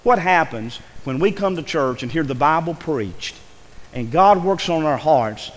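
A man preaches a sermon from a church pulpit, earnest and pleading, pushing his voice higher as the feeling builds. His voice sits a little high for a man and rings out into the long reverb of the sanctuary. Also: expressive, measured pace. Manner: earnest, pleading, rising with emotion.

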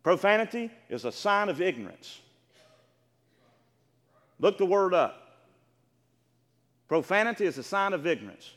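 A man's voice: high voice, sing-song, measured pace, long pauses, big-room sound. A male preacher, delivering an emphatic, fervent sermon and calling out to his congregation for responses. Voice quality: emphatic, rising to fervent shouts. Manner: call-and-response, exhorting the congregation.

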